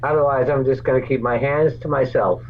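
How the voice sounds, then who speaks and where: A man's voice: medium pitch, steady tone, fairly quick, muffled recording, slight background noise. A man from Massachusetts, a regular caller on a talk show, giving short, dry replies. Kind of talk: casual phone chat.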